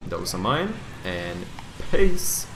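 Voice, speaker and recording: A man chatting casually on a live stream while working on and playing a game, breaking into profane, excitable outbursts between calmer stretches. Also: fairly low pitch, very slow, music in the background.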